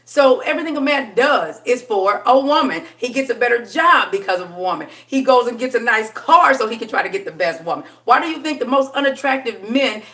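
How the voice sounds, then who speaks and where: A woman coaching on dating in a casual live stream, chatty and sassy, laughing often and dipping into a low voice for effect. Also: expressive, fairly quick, hardly any pauses, fairly bright tone, recorded from a distance.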